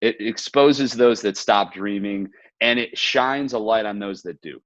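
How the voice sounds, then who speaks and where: A man hosting a relaxed conversation, earnest and reflective, slipping into little stories. His voice sits at an ordinary pitch. The sound is dry and a bit dull, like a lo-fi home setup. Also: measured pace, dry recording. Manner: earnest, reflective, storytelling with quoted asides. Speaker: podcast host. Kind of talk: casual video-call conversation.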